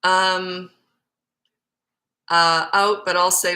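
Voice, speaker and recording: A woman's voice: lowish voice, fairly quick, bright, forceful tone. A woman parenting coach answering viewer questions live, speaking in a blunt, emphatic way. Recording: echoey room.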